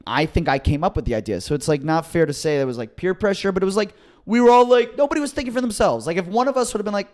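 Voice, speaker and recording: A young man co-hosting a comedy podcast, telling a story in a casual, animated way and acting out the people in it. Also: rapid-fire, hardly any pauses. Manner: animated, acts out quotes with big pitch jumps. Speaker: podcast co-host.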